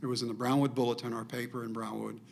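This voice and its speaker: Gravelly older man telling a story. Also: medium pitch, quick pace, a little hiss or hum. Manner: animated storyteller acting out quoted dialogue. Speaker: podcast guest. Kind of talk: personal storytelling.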